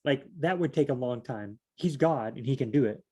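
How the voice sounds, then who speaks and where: A man's voice: medium pitch, moderate pace, a little mellow, slightly rough. A man leading a casual Bible study, rambling and asking himself questions as he reads. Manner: rambling, thinks aloud and asks himself questions; repeats phrases, many fillers.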